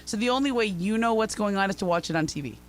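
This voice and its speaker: Man, high voice, very animated, chatty storyteller, radio co-host. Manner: talkative, storytelling, quick laughs. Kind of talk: casual sports radio chat.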